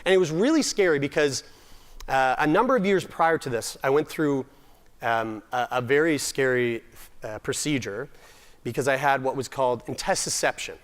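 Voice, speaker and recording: A young man from Nova Scotia, Canada, speaks at a summit, telling funny personal stories at a normal pace in a mid-range voice. He pokes fun at himself, times his jokes carefully and frequently restarts his sentences.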